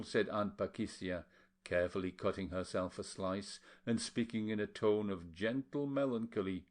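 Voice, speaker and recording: Scripted audiobook narration comes from a man with a lowish voice, who keeps his reading measured and even throughout.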